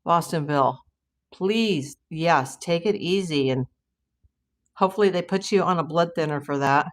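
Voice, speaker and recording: A woman's voice: low voice, a little slow. Woman livestream host, chatty and rambling, casual, laughs easily. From Southern California. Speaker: true crime livestream host. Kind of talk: casual livestream chat reading viewer comments.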